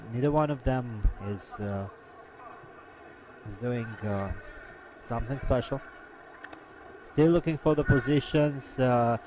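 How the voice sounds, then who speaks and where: A man commenting live on a combat sports event, with a halting delivery full of "uh" fillers. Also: medium pitch, darkish tone, slight background noise, rough recording.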